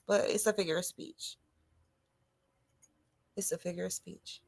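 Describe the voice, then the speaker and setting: A woman hosting a podcast, delivering a loud, animated comedic monologue to her listeners. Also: medium pitch, normal speed, long pauses. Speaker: podcast host.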